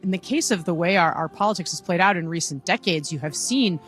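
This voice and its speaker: A news commentator giving measured, analytical live news analysis. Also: medium pitch, a bit bright, faint music behind.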